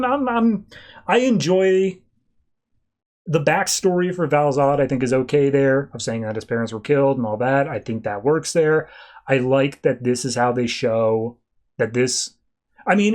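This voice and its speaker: A man's voice: mid-range voice, darkish tone. A man in the middle of his range, talking casually as a podcast host. He retells a story in a loose, rambling way, leaning on fillers and quoting characters offhand. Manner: loose, chatty retelling full of fillers and "he's just like". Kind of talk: casual podcast comic recap.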